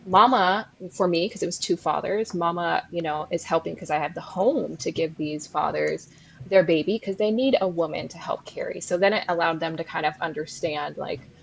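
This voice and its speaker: A woman with a slightly low voice recounts a story in a casual group conversation. She is chatty and animated, peppering her talk with fillers. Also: normal speed, vocal fry, slight background noise, low-quality recording. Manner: chatty, animated anecdote-teller with many fillers. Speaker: experienced surrogate on a panel. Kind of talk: casual chat.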